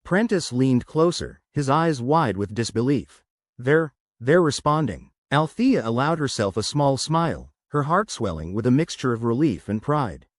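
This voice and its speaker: A male narrator reads a sci-fi short story from a script, with lively, expressive pitch movement. The recording is dry and close, with no room sound. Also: moderate pace, few pauses, dry recording.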